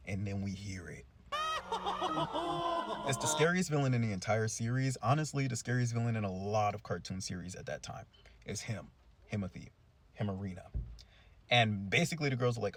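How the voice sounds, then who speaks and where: Young man, cartoon reviewer, casual slangy recap, raspy, lowish voice. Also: normal speed. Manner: chatty, slangy, animated storytelling.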